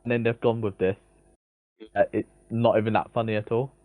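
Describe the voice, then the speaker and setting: A man's voice: on the low side, little pitch movement, fairly quick, no echo, phone-quality sound. A young man co-hosting a casual podcast, easygoing and agreeable, laughing often. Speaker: podcast co-host.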